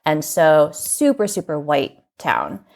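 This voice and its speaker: A woman with a notably low-pitched voice speaks as a podcast guest, candid and reflective as she tells her story. She often slips "like" into her sentences, and she sounds earnest throughout. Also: huge pitch swings, slow pace, vocal fry, a little mellow. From United States. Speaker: magazine editor, podcast guest. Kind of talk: candid personal storytelling in an interview.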